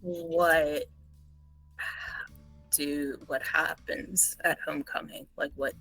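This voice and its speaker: A brooding new boy at school who sounds wary and blunt, as a woman plays him. The voice is low for a woman and bright in tone. The lines are guarded and defensive. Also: steady tone, takes it slowly, gravelly, soft background music, exaggerated voice, low-quality recording.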